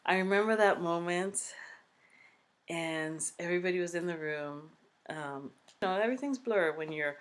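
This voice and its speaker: A woman vlogger recounts a personal story to camera. She talks in a chatty, animated way, wandering into asides, and her voice sits a little low for a woman. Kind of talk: storytime vlog.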